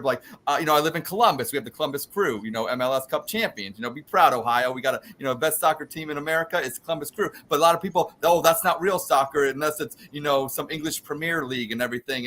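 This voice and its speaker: Male sports host, fast and bright, rambling, repeats words. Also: on the high side. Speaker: sports talk show host. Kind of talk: casual sports talk.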